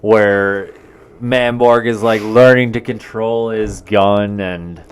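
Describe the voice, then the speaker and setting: A man co-hosting a podcast, recapping a film in casual chat, unhurried and full of fillers and hesitations. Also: on the low side, fairly even intonation, clean tone. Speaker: podcast co-host.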